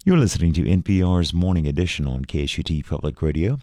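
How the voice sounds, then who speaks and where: A man reading river flow figures, the almanac and sponsor credits as a local public radio announcer, in a steady, measured way. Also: low voice, no echo, studio quality.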